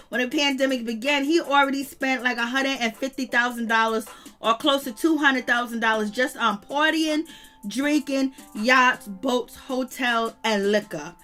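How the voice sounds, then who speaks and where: A woman hosting her channel, giving slangy, animated reality TV gossip commentary and laughing often. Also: sits high. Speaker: channel host.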